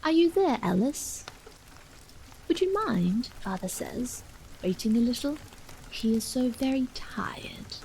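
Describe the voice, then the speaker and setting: A woman's voice: lively intonation, takes it slowly, vocal fry, pauses often, darkish tone, slight background noise, full character voice, low-quality recording. Woman whispering as an anxious, trembling wife. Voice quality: low, trembling. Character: anxious, strained wife and mother. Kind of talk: whispered role-play.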